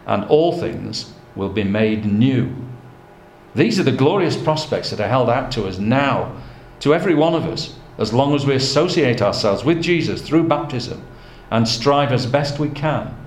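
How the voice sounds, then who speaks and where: A man preaching a sermon, earnest and measured, weaving in scripture quotations. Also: mid-range voice. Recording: echoey room with faint background noise.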